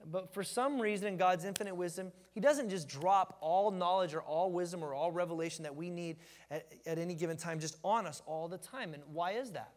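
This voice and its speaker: A man's voice: high-pitched, brisk, hardly any pauses, long reverb tail. A man preaching a casual, folksy sermon, joking with the room and often restarting his sentences. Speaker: pastor. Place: church sanctuary.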